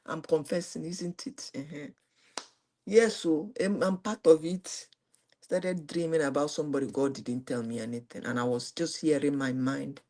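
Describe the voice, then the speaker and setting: A middle-aged woman with a Nigerian accent hosts and tells a personal story to a live audience at a moderate pace, her tone steady. Even so, her voice swings from high exclamations to low, quiet asides.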